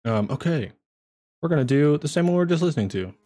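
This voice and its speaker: A man narrating as game master of a streamed tabletop game, energetic and chatty, swinging into excited whoops. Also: a little high, quick pace, dry recording, soft background music.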